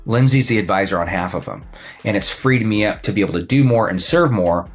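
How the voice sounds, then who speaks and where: A man in his fifties, a financial advisor and coach, talks about his work as a podcast guest in a relaxed, anecdotal way, with frequent fillers and restarts. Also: lowish voice, a little fast, faint music behind. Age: 50s. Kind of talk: casual conversational storytelling.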